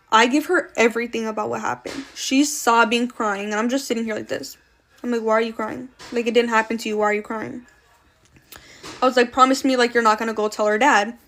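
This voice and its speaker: Young woman, casual storyteller, animated and profane, a bit high-pitched. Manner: swearing, animated retelling with quoted voices.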